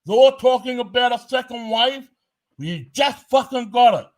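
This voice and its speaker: Swearing nonstop, this man rants through blunt, emphatic commentary, driving every point hard. His voice is extremely high-pitched and animated, at a normal pace.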